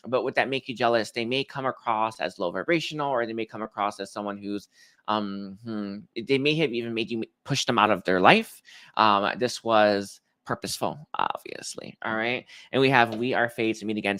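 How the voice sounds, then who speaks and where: Emotional, halting man reading tarot. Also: medium pitch, sharp tone, no room sound. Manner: emotional, halting, many fillers. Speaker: tarot reader.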